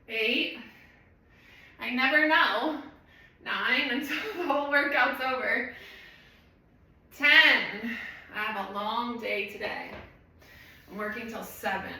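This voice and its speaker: A woman's voice: mid-range voice, sharp tone, slight background noise. A woman fitness trainer leading a live home workout, chatting and rambling while she counts reps. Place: room at home. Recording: echoey room, voice from far off.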